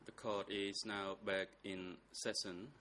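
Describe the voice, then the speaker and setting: A male judge opening a court session, speaking formally, slowly and haltingly with many fillers. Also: low-pitched, level tone, pushed and bright, slight background noise. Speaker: presiding judge.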